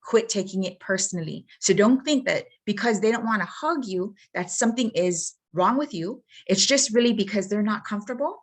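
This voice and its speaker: A woman's voice: mid-range voice, animated, fairly quick, few pauses. A woman presenting a workshop on helping grieving people, speaking earnestly and often checking in with the listener. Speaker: suicide prevention trainer.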